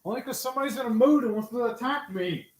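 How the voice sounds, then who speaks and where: A woman's voice: a little high, quick pace, darkish tone, roomy sound. A woman co-hosting a cooking stream, trading dry, teasing retorts in casual banter.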